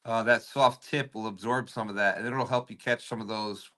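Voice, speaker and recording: A man hosting a casual chat, enthusiastic and quick to agree. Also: fairly low pitch, steady tone, bright, forceful tone. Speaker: host.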